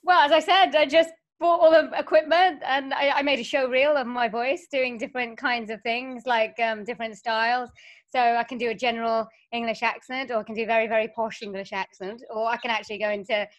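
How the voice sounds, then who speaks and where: A woman's voice: a little high, steady tone, a little fast. A young woman from Wales, a voiceover artist and singer, chatting upbeat and laughing often as an interview guest. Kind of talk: casual interview chat.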